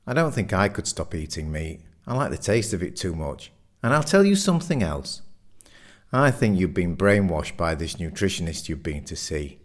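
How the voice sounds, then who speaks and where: Man voicing a dismissive pub friend, low, lively delivery; audiobook. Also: moderate pace. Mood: scoffing. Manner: scoffing, dismissive. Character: Simon, a blunt meat-loving pub mate.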